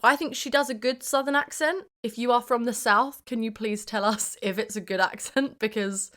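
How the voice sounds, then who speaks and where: A young woman from the UK co-hosting a film podcast in casual chat, playful and quick to laugh. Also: a little high, a bit bright. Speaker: podcast co-host.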